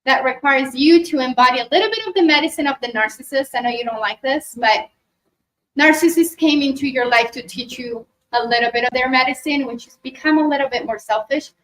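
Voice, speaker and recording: A woman giving a spiritual workshop talk to a live group, animated, acting out quoted voices and often checking in with "right?", then leading a guided meditation. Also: high voice, a little fast, a little hiss or hum, low-quality recording. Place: expo workshop room.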